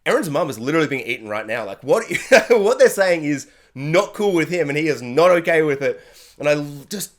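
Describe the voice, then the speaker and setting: A man giving an animated, excited spoken review, often acting out characters' lines. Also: brisk. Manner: animated, acts out character lines with sudden high yelps. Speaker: anime reviewer.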